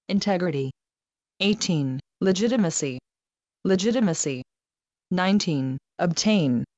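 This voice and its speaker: A woman with a lowish voice reads numbered words at a slow, careful pace, saying each one twice. The recording is dry and close, with a slightly muffled, narrow sound. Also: no echo. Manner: slow, even reading of each word twice. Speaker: vocabulary reader. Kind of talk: reading a numbered word list for a listening test.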